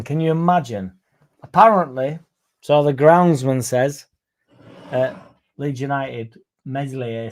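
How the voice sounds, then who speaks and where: A man's voice: mid-range voice, a little mellow. A young man hosting a football fan livestream, chatting sarcastically and reading out viewer comments. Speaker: fan channel host.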